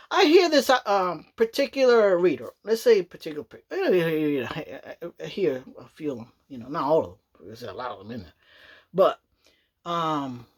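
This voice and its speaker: A woman vlogging in a loose, rambling chat, often checking in with the listener and breaking into laughs. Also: medium pitch. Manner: rambling, chatty, repeats "you know what I mean", laughs often. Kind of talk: casual rambling monologue.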